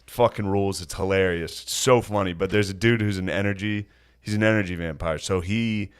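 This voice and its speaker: A man's voice: low-pitched, steady tone, fairly quick, clear, resonant tone. A man co-hosting a podcast, trading laid-back jokes and laughing often in casual banter. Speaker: podcast co-host. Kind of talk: casual chat.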